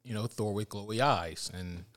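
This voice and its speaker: A man co-hosting a casual movie review podcast, steering the conversation in a relaxed way. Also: on the low side, normal speed. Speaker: podcast co-host.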